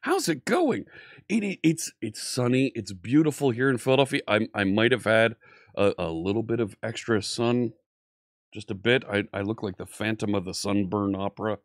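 Upbeat male streamer, lowish voice, dry close mic, chatty teacher greeting viewers. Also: normal speed, no room sound. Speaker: live stream coding teacher. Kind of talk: casual live-stream chat.

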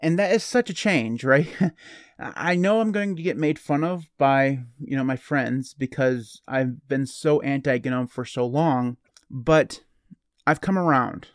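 A man's voice: mid-range voice, unhurried, no room sound, studio quality. A man hosting his own channel, talking casually and rambling a little, with self-deprecating jokes. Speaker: channel host. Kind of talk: casual solo talk to camera.

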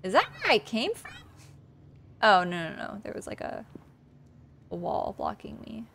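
Playing her own game on a casual stream in a sunny room, a woman chats, jokes about herself, and talks to the game. Her voice is on the high side, gravelly and a bit bright, swooping wildly in pitch at an unhurried pace, with slight hiss or hum.

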